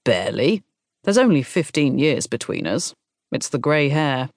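A woman's voice: rumbling low, very animated, unhurried, dry recording, studio quality, heavily acted. A woman voicing an earnest middle-aged man. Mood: eager, sheepish. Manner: earnest, apologetic, eager. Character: man in his forties, tender and nervous.

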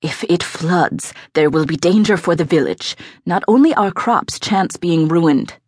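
A woman doing a rough-voiced old abbey master. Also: on the low side, unhurried, darkish tone, no room sound, clean studio sound. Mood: stern. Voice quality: rough, held-back cough. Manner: curt, clipped, coldly sarcastic, roaring when crossed. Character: elderly male abbey head, stern and impatient.

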